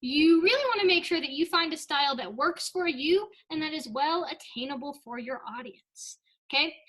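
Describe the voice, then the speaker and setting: Young female speech coach, high and bright, upbeat and explanatory. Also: normal speed, rough recording. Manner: upbeat, explanatory, checks in with "right?" and "okay?". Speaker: speech and debate presenter. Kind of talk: instructional talk with comic asides.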